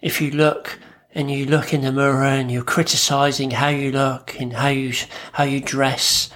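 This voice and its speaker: A man, a therapist, talking calmly and reflectively on his own podcast in short, measured phrases. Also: medium pitch. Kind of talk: solo podcast talk.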